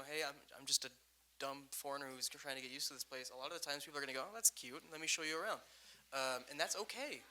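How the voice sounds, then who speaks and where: A man's voice: fairly high pitch, bright, forceful tone, slight background noise, rough recording. A young man on a panel telling a casual, rambling story with lots of fillers, laughing at his own anecdotes. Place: event room.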